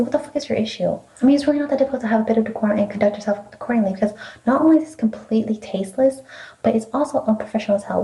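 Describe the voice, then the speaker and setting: Young female vlogger, quick and biting, warm low-key timbre, swears freely in a heated storytime rant. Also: poor audio. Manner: sarcastic, profane, heated; drops into whispered asides. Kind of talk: ranting storytime.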